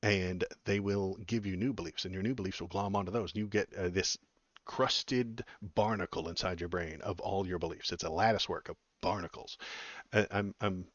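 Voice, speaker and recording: A man's voice: sits low, steady tone, moderate pace, no echo, lo-fi sound. A man in his forties from Texas hosting a political livestream, giving casual, blunt commentary on chat messages with lots of fillers and restarts.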